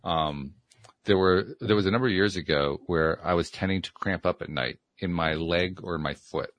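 A man co-hosting a casual talk show, telling a personal story in a reflective, measured way. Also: sits low, a bit bright, dry recording, highs cut off.

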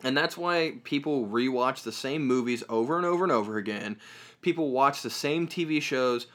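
A man's voice: mid-range voice, moderate pace, a bit bright. A man co-hosting a podcast in casual chat, chatty and rambling, with a joking manner. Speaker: podcast co-host.

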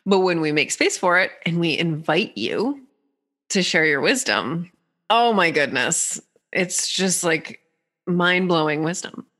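A woman guesting on a podcast, explaining human design with lively, playful examples. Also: on the low side, a little slow. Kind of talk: podcast conversation.

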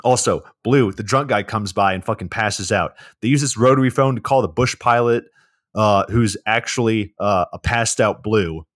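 A man's voice: lowish voice, normal speed, no echo, clean studio sound. A man co-hosting a podcast, recapping a movie plot in a laid-back way with lots of swearing and fillers. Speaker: podcast co-host.

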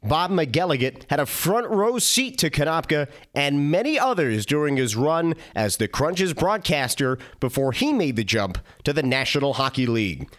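A man hosting the show, reading scripted narration in a measured, even way. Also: fairly high pitch. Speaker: podcast host.

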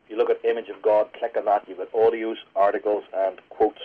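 Earnest pastor on lo-fi radio. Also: male voice, fairly low pitch, little pitch movement. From Northern Ireland. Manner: fast, earnest teaching delivery. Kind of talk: radio interview guest. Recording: lo-fi radio broadcast.

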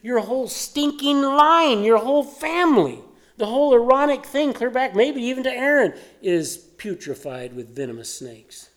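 A man's voice: very high-pitched, big pitch swings, normal speed, fairly bright tone, pitched above the performer's own voice, full character voice. A man voicing a fiery male desert prophet who scornfully rebukes religious elites, thundering his lines. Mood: scolding.

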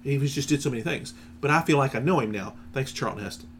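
A man co-hosting a podcast, chiming in with quick quips and agreement in a casual chat. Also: medium pitch, a little hiss or hum. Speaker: podcast co-host.

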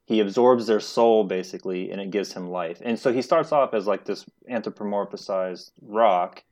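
A man's voice: fairly low pitch, normal speed, darkish tone. A man in casual chat, recapping a film plot in a rambling way with casual swearing. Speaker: podcast co-host.

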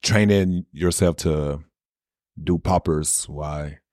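A man co-hosting a podcast, telling animated anecdotes in a casual, profane way. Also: deep voice, takes it slowly, dry recording, studio quality. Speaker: podcast co-host. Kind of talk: casual chat.

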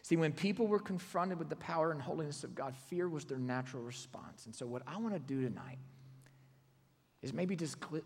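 A man preaching a sermon, swinging from loud exclamations to hushed near-whispers. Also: fairly high pitch, lively intonation, moderate pace, gravelly, slightly rough, in a large hall.

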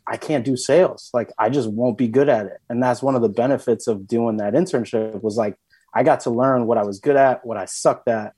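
A man hosting a podcast, chatting casually and relaxed, with a lot of "like". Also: mid-range voice, husky, no room sound. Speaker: podcast host. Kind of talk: casual chat.

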